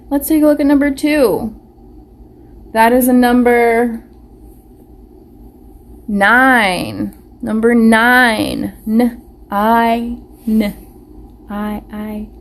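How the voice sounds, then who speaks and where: A young woman teaching a live online phonics lesson to small children, asking questions, answering them herself and sounding out letters with care. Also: fairly high pitch. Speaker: preschool teacher. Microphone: webcam or phone camera.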